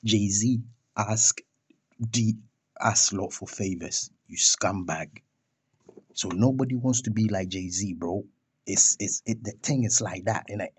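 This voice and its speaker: A man's voice: fairly low pitch, slow, slightly rough. A young man ranting in a vlog about a music feud, scornful and firing off rhetorical questions and insults. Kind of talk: heated rant vlog.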